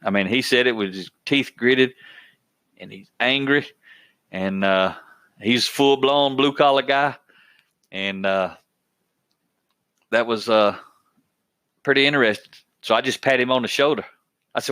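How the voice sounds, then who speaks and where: A man's voice: mid-range voice, measured pace, long pauses, a bit bright, dry recording. A man hosting a podcast, telling a workplace story in a plainspoken, folksy way, often repeating his words as he goes. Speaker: podcast host.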